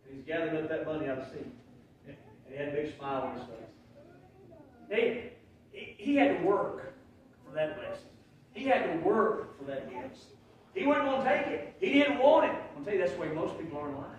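A man preaching a sermon as pastor, telling folksy stories and swinging from quiet asides to loud shouts. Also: on the high side, big pitch swings, fairly quick. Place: church sanctuary. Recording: very echoey church hall, mic far off.

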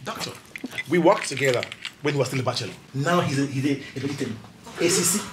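A man's voice: mid-range voice, quick pace, reverberant, noisy background, natural voice. A man with a Nigerian accent playing a gossiping, churchgoing tenant who speaks preachily and dramatically. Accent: Nigerian English. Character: jobless churchgoing husband who loves gossip.

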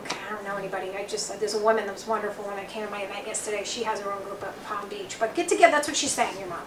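A woman's voice: medium pitch, rapid-fire. A woman with a Long Island accent giving a chatty, rambling psychic reading to a small group, relaying messages in quotes. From Long Island, New York. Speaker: psychic reader. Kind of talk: live psychic reading for an audience. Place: bookstore event room, small group. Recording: roomy, from far off, faint noise.

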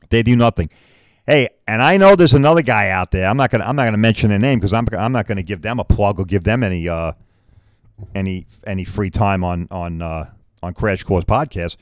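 A man's voice: mid-range voice, darkish tone, dry recording, clean studio sound. A man hosting a podcast, delivering a blunt, combative promotional rant with frequent "all right?" asides. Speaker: podcast host. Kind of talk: ranting promotional monologue.

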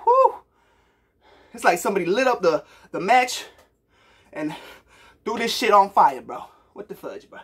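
A man's voice: high voice, big pitch swings, normal speed, a bit bright, breathy edge. A young man from Puerto Rico giving a hyped, slangy reaction to a song for his viewers, calling them bro. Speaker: music reaction youtuber. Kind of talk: casual music reaction talk.

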